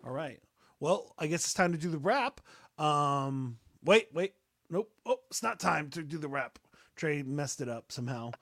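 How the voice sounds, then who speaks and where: A man's voice: on the high side, expressive, moderate pace, a bit bright, no echo. Young male host, casual and rambling, talks about his kid, dry sound. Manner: rambling, with many fillers and restarts. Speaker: podcast host. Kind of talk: casual chat.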